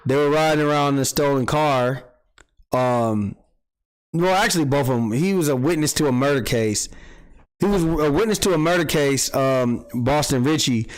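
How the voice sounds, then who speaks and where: A man hosting a casual livestream, telling street gossip in an animated, profane style and acting out quotes. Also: fairly high pitch, normal speed, low-quality recording. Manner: animated storytelling, acts out quotes, swears freely. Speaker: podcast host.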